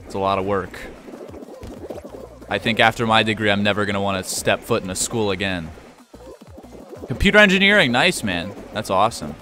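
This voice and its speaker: A man's voice: lowish voice, lively intonation, moderate pace, pauses often, bright, forceful tone, soft background music. A young man streaming a game, chatting casually with viewers, joking and swearing freely. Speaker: gaming streamer. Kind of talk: casual live-stream commentary.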